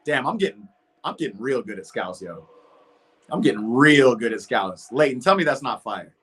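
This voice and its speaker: A man's voice: mid-range voice, lively intonation, moderate pace, fairly bright tone, husky. A young man hosting a football watch party stream, chatting casually and reacting to the match and his viewers. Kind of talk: casual live reaction chat.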